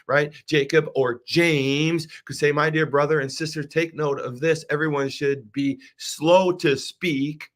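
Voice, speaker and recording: A man's voice: on the high side, fairly bright tone. Male host, devotional talk, earnest, repeats phrases with preacher-like emphasis.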